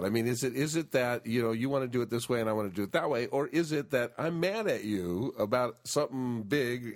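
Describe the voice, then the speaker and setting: Co-host: man, mid-pitched, earnest, talks through ideas with restarts. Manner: earnest, explanatory, with repeated restarts. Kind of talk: relationship advice talk.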